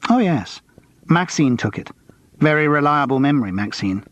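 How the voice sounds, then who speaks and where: A man's voice: fairly high pitch, expressive, moderate pace, fairly bright tone, lo-fi sound. A man reading an audiobook, voicing a young male escort and out-of-work actor who talks in a breezy, cheeky, gossipy way.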